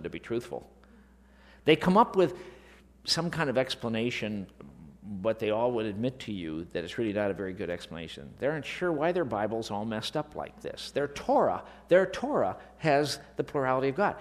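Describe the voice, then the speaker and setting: A man teaching a Bible lesson in sermon style, animated and full of rhetorical questions. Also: mid-range voice. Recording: long reverb of a large hall.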